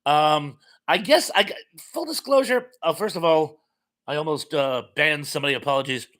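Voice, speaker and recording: Bright-voiced chatty man hosting a live chat. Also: on the high side, expressive, moderate pace. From Massachusetts. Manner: chatty, jokey asides. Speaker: livestream host. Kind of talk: casual live chat, reading comments aloud.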